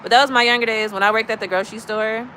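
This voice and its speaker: Racing along in a high-leaning voice, this Chicago livestream host shares gossipy, blunt stories with her live chat. Her tone is bright and forceful, her delivery animated and casual, recorded roughly on a phone mic with faint traffic outside.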